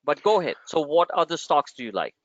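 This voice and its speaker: Brash, animated man with a high voice. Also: fast talker, dry recording. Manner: animated, brash and joking, addresses listeners as "my friend". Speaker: trading show host. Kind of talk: live market webinar with member Q&A. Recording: dry, dull lo-fi stream audio.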